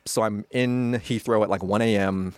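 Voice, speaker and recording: A man's voice: fairly low pitch, steady tone, normal speed, no room sound, clean studio sound. A man in his thirties, a podcast guest and attorney, telling stories casually, rambling and correcting himself with a laugh. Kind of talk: casual storytelling in conversation.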